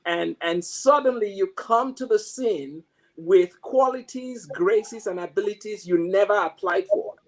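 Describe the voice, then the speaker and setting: A man's voice: sits high, measured pace. Reflective male mathematics professor. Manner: reflective, storytelling, frequent restarts. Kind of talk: motivational talk.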